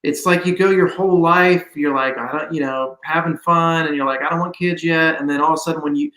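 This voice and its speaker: A man's voice: fairly high pitch, fairly even intonation, brisk, bright, forceful tone. A man, a musician guest in an interview, talking in an easygoing way with many fillers and restarts. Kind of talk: casual interview chat. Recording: roomy echo.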